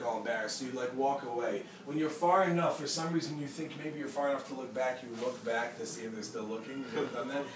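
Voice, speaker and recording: A male teacher tells stories to a class in an animated way, often turning to quiz his students. He sounds distant from the microphone, and the room is roomy and echoing. A steady background noise sits under his voice. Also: mid-range voice. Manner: animated, questions the audience often. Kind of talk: storytelling lecture to a class. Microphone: distant mic.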